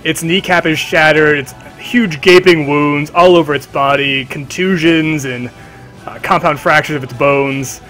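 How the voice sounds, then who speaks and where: A man's voice: a little high, steady tone, measured pace, a bit bright, soft background music. A man running a tabletop game on a live stream, narrating in a casual, vivid way full of fillers.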